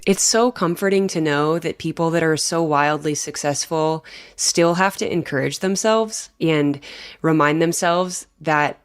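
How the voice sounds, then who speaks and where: A woman's voice: low voice, measured pace, smooth. A woman hosting a podcast interview, talking casually and reflectively with lots of filler words. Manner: reflective, rambling with frequent "like" fillers. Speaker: podcast host.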